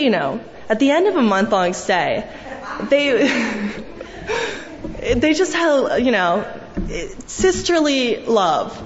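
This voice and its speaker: A young woman speaking a fond, rambling eulogy in a large church, full of fillers as she tells family stories. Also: a little high. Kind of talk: memorial eulogy. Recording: echoey hall, dull sound, faint hiss.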